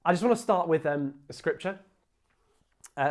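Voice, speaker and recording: A man's voice: on the high side, animated, moderate pace. Informal man preaching a sermon. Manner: informal and earnest, with fillers and asides. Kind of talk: conversational sermon.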